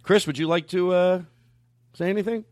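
A man hosting a comedy podcast in a studio with a live band, amped up on coffee, animated and swearing freely as he slips in and out of joke voices. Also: high-pitched, moderate pace, background noise. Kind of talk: loose comedic banter.

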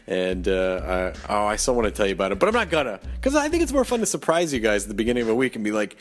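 A man's voice: big pitch swings, very fast, faint music behind. A man hosting a podcast with a nearly lost voice, rambling and self-mocking through an intro and ad read. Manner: rambling, self-mocking, jumps between high and low. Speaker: podcast host.

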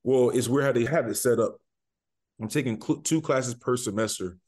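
A man's voice: mid-range voice, moderate pace, darkish tone. A young man, a college football player, answering interview questions casually, with many fillers and restarts. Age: young adult.

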